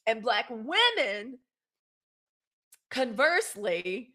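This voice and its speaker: A woman with a slightly high voice hosts a casual livestream, speaking at normal speed. She offers animated commentary and reads live comments aloud.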